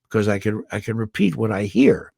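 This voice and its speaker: An older man from Indiana tells stories as a guest, in a low, gravelly voice with a husky edge. His story comes over a dry, close call sound. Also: brisk, dry recording. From Indiana, USA. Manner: animated storyteller, slips into character voices for quotes. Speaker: guest voice actor. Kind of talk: anecdotal storytelling.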